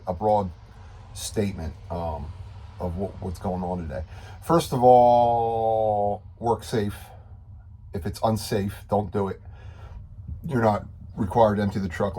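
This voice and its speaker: A man's voice: on the low side, darkish tone, slightly rough. A man giving a casual video update to coworkers as their union steward, frustrated and rambling, repeating himself.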